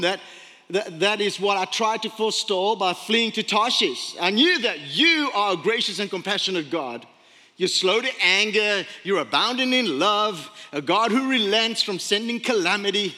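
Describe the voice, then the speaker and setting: A man preaching a sermon, retelling a story with animated voices for its characters. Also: sits high, moderate pace. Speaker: pastor. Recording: long hall reverb.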